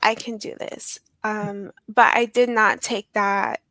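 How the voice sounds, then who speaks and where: A woman guest in an interview, telling a personal story in a halting, emotional way with many pauses. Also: medium pitch, level tone, bright, forceful tone, dry recording.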